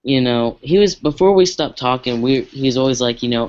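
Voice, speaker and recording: Smooth-voiced, hesitant man confiding. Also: medium pitch, expressive, moderate pace, hardly any pauses, a little mellow, no echo, highs cut off. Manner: hesitant, filler-heavy, confiding. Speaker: podcast co-host. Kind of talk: casual chat.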